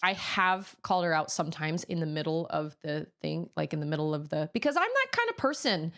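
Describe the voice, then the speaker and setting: A woman's voice: sits low, big pitch swings, fairly quick, a bit bright. An adult woman game streamer in casual chat, frankly venting about a frustrating week.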